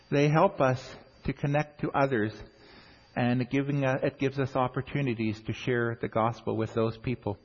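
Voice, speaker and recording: A middle-aged man preaching a sermon in a church, earnest, working through numbered points with frequent restarts. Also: medium pitch. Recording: dull audio in a long-echo hall.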